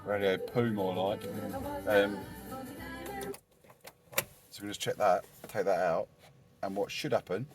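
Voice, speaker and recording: A man's voice: low-pitched, flat delivery, slow, pauses often, music in the background. A man chatting casually and rambling with jokes as he fits a car stereo himself. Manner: rambling and jokey, talking to himself as he works. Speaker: car DIY vlogger. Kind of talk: casual workshop chat while fitting a stereo.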